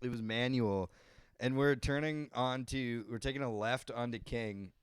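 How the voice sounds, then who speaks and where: A man's voice: medium pitch, measured pace, clear, resonant tone, no room sound, studio quality. A young man co-hosting a podcast, laid-back in casual chat, laughing and swearing through his stories. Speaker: podcast co-host.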